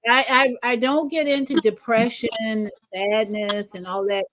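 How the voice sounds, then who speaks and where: A woman hosting a casual livestream talk show, animated, acting out greetings she gives strangers. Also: unhurried, few pauses, rough recording. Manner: animated, acts out greetings in a lively higher voice.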